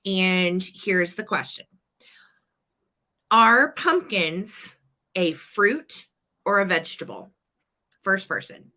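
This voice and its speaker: Bright-voiced chatty woman selling vintage. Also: medium pitch, animated, slow pace, long pauses. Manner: chatty, playful, detailed item descriptions. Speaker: live sale co-host. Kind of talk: live-stream auction chat.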